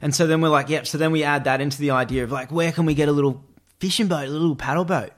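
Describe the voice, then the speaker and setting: A man's voice: a little high, fairly even intonation, rapid-fire. An Australian man telling rambling, slangy stories as a guest in a casual chat. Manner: laid-back, slangy, rambling. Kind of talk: casual storytelling.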